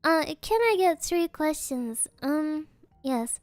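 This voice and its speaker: Playful woman streamer, high voice, unhurried, dry close sound. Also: lively intonation, a little mellow, no echo, soft background music. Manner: playful, giggly, silly joking answers. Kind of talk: casual live Q&A chat.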